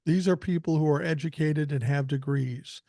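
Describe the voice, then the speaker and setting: A man's voice: on the high side, moderate pace, dark tone, no room sound. Profane older man telling stories. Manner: blunt, profane storytelling. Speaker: podcast host. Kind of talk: casual commentary.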